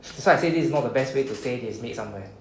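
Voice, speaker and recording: A man's voice: medium pitch, animated, rapid-fire. A man with a Singaporean English accent runs a beginner Japanese lesson in a classroom. He explains patiently and keeps checking in with "okay?" and "right?". The room is echoey, with a faint hum of background noise. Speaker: Japanese language teacher.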